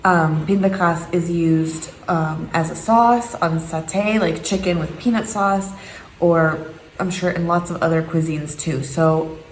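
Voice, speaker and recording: Speaking a little slowly in a lowish voice, this thirty-something vlogger jokes around casually from home and hams up exaggerated voices for quotes. The recording is echoey, with a faint hum of background noise.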